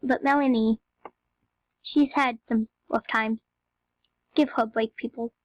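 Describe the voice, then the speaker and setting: A woman's voice: a little high, fairly even intonation, measured pace, dry recording, highs cut off. A young female gamer chatting to viewers in a rambling, casual way as she plays. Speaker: game video narrator. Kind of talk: casual gameplay commentary.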